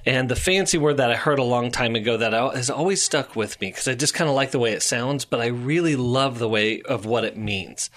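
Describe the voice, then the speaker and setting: Soft-spoken male counselor, steady and reflective, for relaxed conversation. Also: mid-range voice, a little fast, hardly any pauses. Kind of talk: casual chat.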